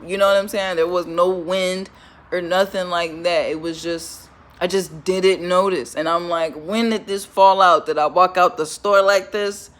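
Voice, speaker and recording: A young woman recounts an awkward encounter in a loose, chatty storytime voice. She swears constantly, breaks into laughter and lets out groans of disgust, and her delivery stays animated throughout. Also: medium pitch. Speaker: vlogger. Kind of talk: casual storytime monologue.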